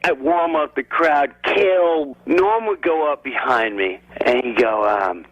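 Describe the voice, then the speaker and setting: A comedian telling stories in a radio chat, acting out quotes with stammers and restarts. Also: male voice, medium pitch, expressive, normal speed, no echo, highs cut off. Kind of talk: animated storytelling.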